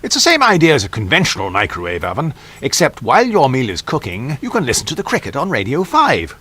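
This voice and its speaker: An actor playing a polite, dry English gentleman astronaut in a studio game, with an English accent and a proper, understated manner. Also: mid-range voice, huge pitch swings, fast talker, breathy edge, heavily acted.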